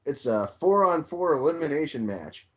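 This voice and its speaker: A man co-hosting a casual wrestling podcast, excitable and stumbling over his openers. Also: a little high, normal speed, crowd noise. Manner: repeats openers, excitable, swears. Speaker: podcast co-host. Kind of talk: casual wrestling review chat. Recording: dull lo-fi podcast mic.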